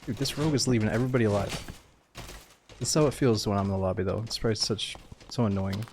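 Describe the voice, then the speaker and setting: Low-voiced streamer swearing over gameplay. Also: male voice, fairly even intonation, quick pace, background noise. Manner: laid-back, profane, chuckling to himself. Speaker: game streamer. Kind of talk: casual gameplay commentary.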